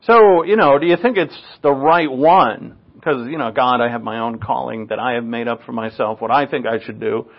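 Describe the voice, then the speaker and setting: A man preaching a sermon in a conversational way, acting out quoted prayers and often clearing his throat. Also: mid-range voice, moderate pace, hardly any pauses, dull audio.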